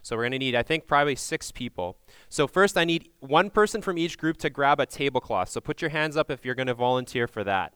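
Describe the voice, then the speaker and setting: A man leading a group through a Passover meal, giving loud instructions into a microphone and checking in with frequent "okay?"s. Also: medium pitch, lively intonation, fairly quick, clear, resonant tone, no echo. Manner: projects loudly into a microphone. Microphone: handheld or stand microphone.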